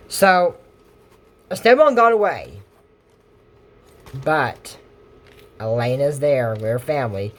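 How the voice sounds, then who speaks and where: A man's voice: medium pitch, sing-song, takes it slowly, pauses often. A man casually retelling a cartoon episode, with lots of restarts and fillers and little asides to his viewers. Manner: rambling retelling with fillers and restarts, half-acts quotes. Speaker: YouTube episode recapper.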